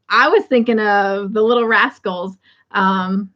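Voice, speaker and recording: A woman hosting a crochet livestream, chatting casually and warmly with viewers and often breaking into laughter. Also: mid-range voice, takes it slowly, muffled recording. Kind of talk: casual chat to live viewers.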